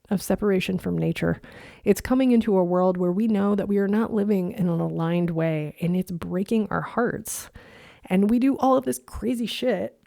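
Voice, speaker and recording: Low, gravelly-voiced woman coaching earnestly. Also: mellow, dry recording, studio quality. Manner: earnest, candid, swears casually, coaching tone. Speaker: podcast host and integration coach. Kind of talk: reflective podcast monologue.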